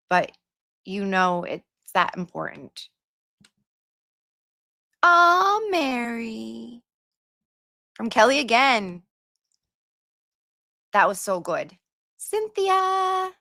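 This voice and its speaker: A woman hosting a casual livestream, chatting warmly with viewers and reading their comments aloud. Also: medium pitch, slow pace, vocal fry, pauses often, no room sound, studio quality. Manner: gushing and chatty, sings little filler tunes. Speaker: livestream host.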